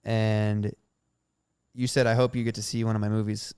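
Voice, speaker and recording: A male host in a casual interview, asking gentle probing questions and adding brief backchannels. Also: lowish voice, little pitch movement, moderate pace, smooth, no room sound, clean studio sound.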